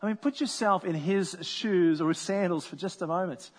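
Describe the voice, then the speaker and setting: A man with a high voice delivers a sermon in a conversational, storytelling way. His voice carries a long reverb, as if he is speaking in a large hall. He sometimes slips into the voices of the people in his story. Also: moderate pace. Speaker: pastor.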